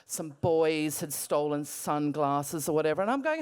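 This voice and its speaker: A middle-aged Australian woman retelling a personal story in an animated, breathless way, full of restarts. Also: sits low, normal speed, hardly any pauses, smooth. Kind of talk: casual spoken storytelling.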